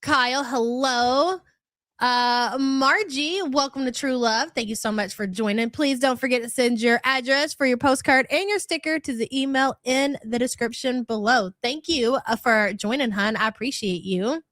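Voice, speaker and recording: A woman's voice: high voice, normal speed, a bit bright, no room sound, studio quality. Chatty woman streamer with a cold. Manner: chatty, reads out viewer names, calls people hun. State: fighting a cold. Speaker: livestream host. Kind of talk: casual live-stream chat greeting viewers.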